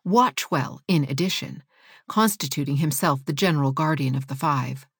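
A woman reading a fairy tale aloud in a calm, clear manner. Her voice sits low for a woman. The recording is dry and close. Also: normal speed, no echo. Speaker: audiobook reader.

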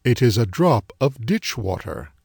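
A man's voice: mid-range voice, big pitch swings, a little slow, creaky, a little mellow, breathy edge, no room sound, studio quality, full character voice. A man voicing a curious magician, questioning.

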